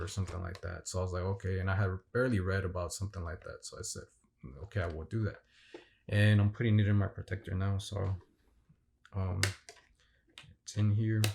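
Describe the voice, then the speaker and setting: A man with a very low, gravelly voice tells the story of a fan signing in a loose, excited vlog. He rambles, restarts often and leans on fillers as he goes. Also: moderate pace, pauses often, a little hiss or hum. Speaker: vlogger. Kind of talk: casual vlog recap.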